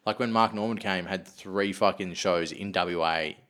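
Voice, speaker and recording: A man with an Australian accent and a fairly low voice, hosting a casual podcast. He tells stories in a loose, animated way, swears often and acts out the lines of the people in them. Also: normal speed, clear, resonant tone. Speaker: podcast host.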